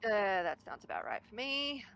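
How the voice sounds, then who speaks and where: A woman's voice: mid-range voice, animated, moderate pace, fairly bright tone, smooth, low-quality recording. A woman playing a tabletop game, plainly describing what her character does. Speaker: player.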